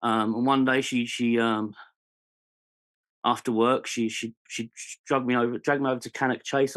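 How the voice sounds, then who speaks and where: Speaking at normal speed in a mid-range, fairly bright voice with little pitch movement, a man in his forties from England shares his life story on a podcast. His British-accented account is candid and searching, earnest, and punctuated by ums and restarts.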